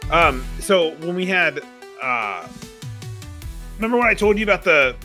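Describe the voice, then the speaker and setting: A man's voice: on the high side, a little slow, faint music behind. A young man co-hosting a podcast in casual chat, telling stories with lots of laughter and swearing. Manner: animated storyteller, swears freely, laughs often. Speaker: podcast co-host.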